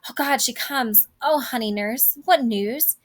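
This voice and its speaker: A woman's voice: high-pitched, a little slow. A woman reading the lines of an impatient, lovesick teenage girl from a play, eager and pleading.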